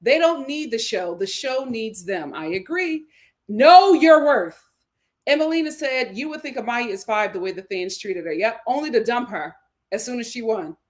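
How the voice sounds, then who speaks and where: A woman's voice: fairly high pitch, lively intonation, normal speed. A woman hosting a livestream, reading viewer comments aloud and reacting to them emphatically, often repeating her own lines for effect. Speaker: show host.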